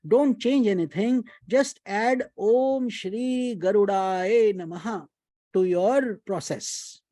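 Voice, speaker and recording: A man voicing a kindly old sage in a spoken religious tale, gentle instructing tone, repeats for emphasis, mellow dark voice, dry close sound. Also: sits high, slow pace, dry recording. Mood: encouraging.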